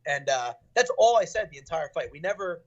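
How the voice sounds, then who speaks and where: Fast-talking man on a lo-fi line. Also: on the high side, lively intonation, husky. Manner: fast, rambling, frequent fillers and restarts. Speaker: fighter being interviewed. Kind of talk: casual interview talk.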